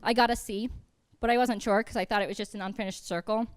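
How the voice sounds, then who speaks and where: Young woman comic, deadpan self-deprecating bits, kinda high smooth voice. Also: quick pace, no room sound. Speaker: stand-up comedian. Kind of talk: stand-up set. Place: college TV studio stage.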